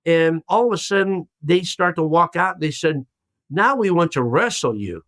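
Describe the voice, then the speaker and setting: Animated older man telling a story. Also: a little high, moderate pace, no room sound. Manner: animated storyteller acting out quoted voices. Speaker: guest, former hostage. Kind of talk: storytelling in a podcast interview.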